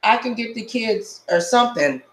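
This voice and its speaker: A woman hosting a casual live stream, telling stories in an animated, blunt way and swearing freely. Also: on the high side, normal speed, reverberant, poor audio.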